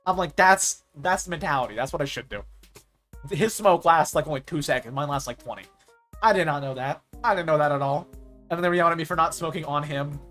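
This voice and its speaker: A man's voice: a little high, quick pace, a bit bright, soft background music. A young man streaming a game, chatting casually and rambling, often saying "like" and ranting when annoyed. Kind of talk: casual live-stream chat while gaming.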